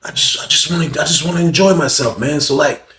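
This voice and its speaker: A man's voice: fairly high pitch, bright, forceful tone, echoey room, recorded from a distance, a little hiss or hum. A man voicing an eager adult male customer who rambles and stumbles over his words. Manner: halting, rambling, repeats himself.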